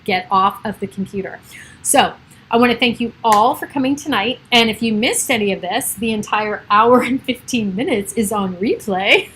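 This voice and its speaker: A woman's voice: a little high, moderate pace, fairly bright tone, slight background noise, poor audio. A middle-aged woman, a realtor hosting a casual livestream from home, chatting in a rambling way and laughing often. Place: at home by a computer.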